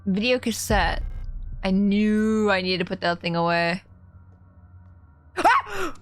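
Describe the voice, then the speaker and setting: Brief: young woman game streamer, mid-pitched voice, giggly and chatty, desk mic. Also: animated, slow pace, pauses often, faint music behind. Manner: giggly, chatty, easily startled. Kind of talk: casual live-stream commentary.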